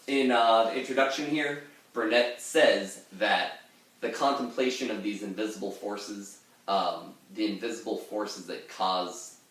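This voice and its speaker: A low-voiced man talks through a poem in a loose, casual way, pausing often with fillers as he thinks aloud. He sits away from the microphone in a very echoey room. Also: a bit bright. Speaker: reader explaining a poem. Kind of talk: casual literary commentary. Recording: very echoey room, distant mic.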